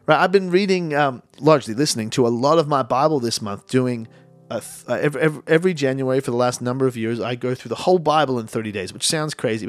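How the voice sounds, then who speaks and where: A man's voice: mid-range voice, no echo, clean studio sound. A man preaching a sermon as a pastor, talking in a conversational way and repeating words when he stresses a point.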